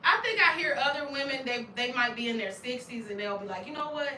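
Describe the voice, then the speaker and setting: Lady chatting on her channel, kinda high voice, lots of laughing and hollering. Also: fairly quick, slight background noise. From Arkansas, USA. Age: middle-aged. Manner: animated, laughs often, loud exclamations. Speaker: channel host. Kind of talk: casual livestream chat. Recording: roomy sound, distant from mic.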